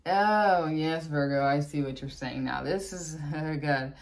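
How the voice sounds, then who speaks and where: A woman's voice: deep voice, unhurried. A woman giving a casual tarot reading, chatty and blunt, with exasperated asides. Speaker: tarot reader.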